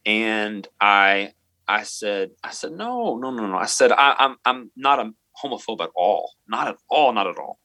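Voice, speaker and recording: Interview guest, male teacher, lowish bright voice, earnest and halting, dry close sound. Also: no echo. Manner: earnest, halting, many restarts and fillers. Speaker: middle school math teacher, interview guest. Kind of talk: storytelling in a podcast interview.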